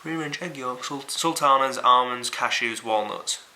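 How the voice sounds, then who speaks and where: A man's voice: medium pitch, unhurried, pushed and bright, poor audio. A young man with a Yorkshire accent giving a casual, rambling and sweary food review to camera. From Yorkshire, England.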